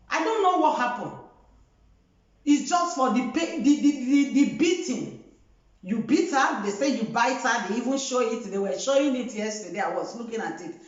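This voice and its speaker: Scolding woman, high voice. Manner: lecturing, scolding, keeps asking "Eh?". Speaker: host. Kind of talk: scolding commentary monologue. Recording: echoey dull lo-fi room.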